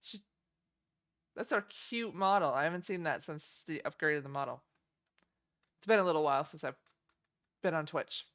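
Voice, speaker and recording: A woman's voice: low-pitched, normal speed, pauses often, a bit bright. A young woman streaming, chatting casually and giggling as she reacts to game trailers. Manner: chatty, giggly, easily delighted.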